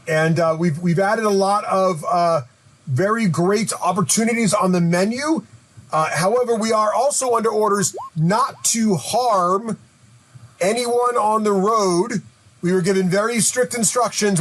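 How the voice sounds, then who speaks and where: Man as a slow, pompous hobgoblin trader. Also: high-pitched, a bit bright. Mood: deliberate. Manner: slow, deliberate, pompous salesman.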